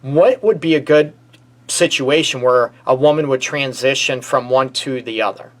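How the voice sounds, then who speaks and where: A man's voice: medium pitch, moderate pace. A man with a Detroit accent hosting a relationship talk show, a counselor who jokes and acts out scenarios. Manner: jokey, acts out grumpy husband bits. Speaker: host and counselor. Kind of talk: casual chat.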